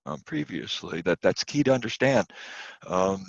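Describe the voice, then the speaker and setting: A man's voice: sits low, expressive, normal speed, creaky, no echo, muffled recording. A man giving an online lecture, stressing key points with rising emphasis and many fillers. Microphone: computer mic on video call.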